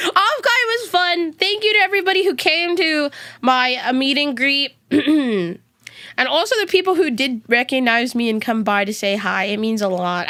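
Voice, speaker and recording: A woman's voice: on the high side, sharp tone, dry recording. A young woman VTuber chatting casually on stream, rambling from topic to topic and swearing freely.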